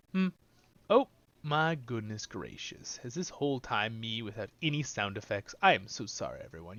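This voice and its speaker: A man's voice: mid-range voice, fairly bright tone, muffled recording. Chatty man hosting a game playthrough. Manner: chatty, talks straight to viewers. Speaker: host. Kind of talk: let's-play game commentary.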